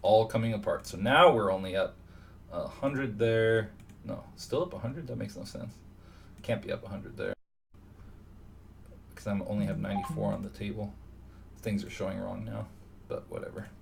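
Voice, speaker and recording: Gravelly low-voiced man muttering, distant mic. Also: moderate pace, pauses often. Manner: mutters to himself, thinking aloud. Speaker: online poker player. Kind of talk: live commentary on his own poker session. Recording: distant mic with steady background noise.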